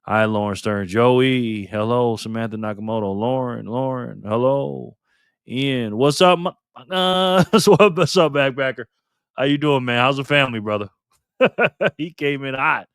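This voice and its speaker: Running a casual live stream, a man warmly greets viewers by name, reading chat names aloud and quickly thanking them for tips in an upbeat way. His smooth voice sits at an ordinary middle pitch, and the sound is close and dry with no room echo.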